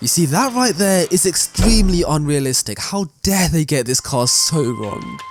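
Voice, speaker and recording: A man's voice: a little high, animated, normal speed, over loud music. A man hosting a car gaming video, delivering comedic commentary in a theatrical, mock-outraged way. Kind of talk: comedic game commentary voice-over.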